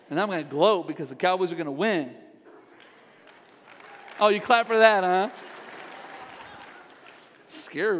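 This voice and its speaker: Man, pastor, joking conversational sermon, high voice, long church reverb. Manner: joking, conversational preaching with audience asides. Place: large church hall.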